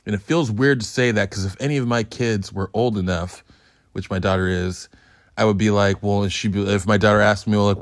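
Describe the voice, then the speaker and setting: A man's voice: fairly low pitch, steady tone, a little fast, no room sound, studio quality. A man hosting a solo review podcast, talking in a hyped, profane, joking ramble. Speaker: podcast host.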